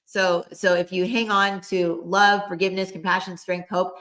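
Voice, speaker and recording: A middle-aged woman co-hosts a casual chat as a psychic medium, relaying messages she says come from spirits. Her voice is fairly low and fairly bright, with a steady tone at normal speed, and she talks in a rambling way full of fillers.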